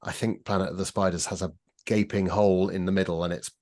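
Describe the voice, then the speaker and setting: A man's voice: low voice, level tone, quick pace, darkish tone. A man on a podcast panel, giving his views in a dry, wry, critical tone during casual chat.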